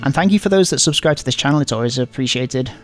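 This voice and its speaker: A man's voice: mid-range voice, animated, fast talker, faint music behind. A man playing through a visual novel, reading every line in a playful, exaggerated comedic way.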